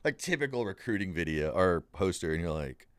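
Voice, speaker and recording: A young man tells a story on a podcast in a low voice, rambling and animated. He keeps saying "dude" and acts out what the people in it said. The sound is dry and close to the mic. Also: fairly quick, clean tone, no room sound. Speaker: podcast guest. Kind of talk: casual storytelling.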